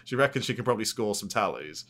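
A man's voice: fairly low pitch, expressive, quick pace, a bit bright. A man co-hosting a podcast, recapping a film plot in casual, profane and jokey chat. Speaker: podcast co-host.

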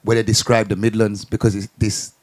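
A man of middle pitch who talks fast and animated as a guest in a casual chat. His slang runs thick and he keeps checking in with his listeners. His delivery is lively and easy. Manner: animated storyteller, slangy, with lots of "you get me". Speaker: guest artist.

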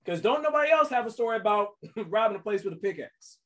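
A man's voice: high voice, fast talker. A man co-hosting a casual comedy podcast, joking and jumping in often. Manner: animated, joking, interjects often. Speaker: podcast co-host.

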